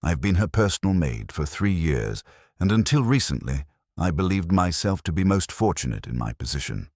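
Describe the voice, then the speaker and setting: A man's voice: deep voice, sing-song, moderate pace, a little mellow, dry recording, studio quality. A man doing a nervous young maid. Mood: anxious. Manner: hesitant, faltering, polite.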